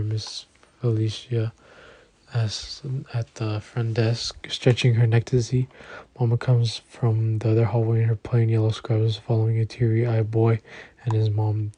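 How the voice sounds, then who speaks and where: A man narrating an audiobook in the first person, with a steady, even delivery. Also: medium pitch. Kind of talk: scripted narration.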